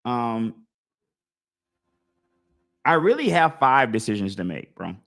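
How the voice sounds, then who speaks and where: Male host, casual live-stream chat, mid-pitched, animated, thinks aloud. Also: slow pace, creaky. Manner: animated, talks through his choices out loud, acts out imagined crowd voices. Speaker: fantasy football league podcast host.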